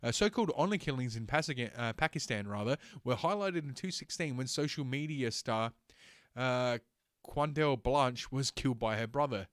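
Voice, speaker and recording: A man's voice: mid-range voice, animated, normal speed, no room sound, clean studio sound. A man hosting a solo livestream, ranting sarcastically with heavy swearing and stumbling as he reads text aloud. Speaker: host.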